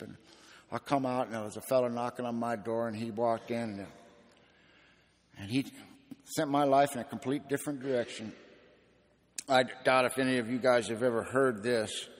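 A man's voice: medium pitch, big-room sound. A man giving a raw, plainspoken personal testimony as a speaker at a recovery meeting.

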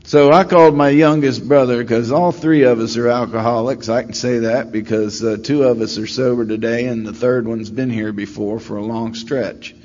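A man's voice: mid-range voice, fairly even intonation, a little mellow. Wry, rambling man sharing his story. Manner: rambling, wry and self-deprecating, with many "uh" pauses. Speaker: speaker sharing at a recovery meeting. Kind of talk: storytelling share. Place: meeting room. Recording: slightly dull recording with faint room noise.

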